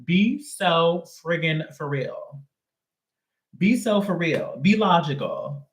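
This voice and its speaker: A man's voice: fairly high pitch, animated, slow, reverberant. A man giving a casual live tarot reading in a sassy, slangy, emphatic way. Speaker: tarot reader.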